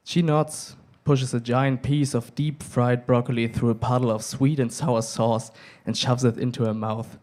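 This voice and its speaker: A man's voice: medium pitch, steady tone, unhurried, few pauses, a little mellow. Young man reading. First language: German. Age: young adult. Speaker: reader. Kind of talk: literary reading. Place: live reading event.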